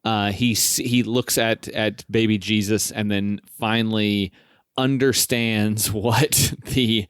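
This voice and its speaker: A man's voice: on the low side, fairly even intonation, takes it slowly, clear, resonant tone, dry recording, clean studio sound. A man co-hosting a podcast, laughing often during casual recap chat. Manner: laughs often while talking. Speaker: podcast co-host.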